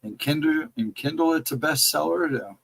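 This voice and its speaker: A man chatting on a livestream and greeting viewers by name, in a rambling casual way, his voice hoarse and cracking from laryngitis. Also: on the high side, normal speed, fairly bright tone, poor audio. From central Ohio, United States. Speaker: livestream co-host.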